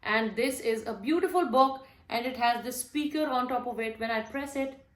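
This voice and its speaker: A woman's voice: fairly high pitch, moderate pace, faint music behind. A young mother giving friendly, explanatory tips on reading to small children in a casual way, with some fillers. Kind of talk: casual instructional talk showing books. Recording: roomy echo.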